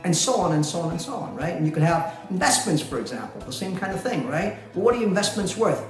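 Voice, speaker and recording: A man's voice: sits high, big pitch swings, quick pace. Man, company president, chatty explainer, rhetorical questions, faint music underneath. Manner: chatty, asks rhetorical questions and laughs often. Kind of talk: explainer talk to camera. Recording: very echoey room with faint music.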